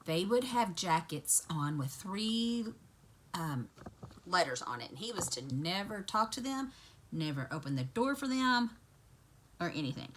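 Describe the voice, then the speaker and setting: Lively, bright-voiced woman vlogger. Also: fairly low pitch, measured pace, a little hiss or hum. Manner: chatty, lively storytelling with asides. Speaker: vlogger recapping a TV episode. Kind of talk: casual retelling to camera.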